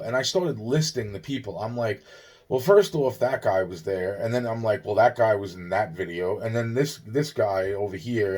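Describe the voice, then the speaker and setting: A man's voice: lowish voice, a little mellow. A man, from Long Island, rambling through an agitated, profane personal monologue and often restarting his sentences. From Long Island, New York. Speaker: vlogger.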